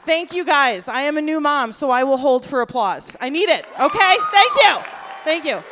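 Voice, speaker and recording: High bright-voiced woman in her 30s hosting a comedy show, super peppy crowd work, roasts herself. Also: expressive, moderate pace, slight background noise. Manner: high-energy crowd work, self-deprecating. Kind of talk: stand-up comedy. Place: live stage in a theater.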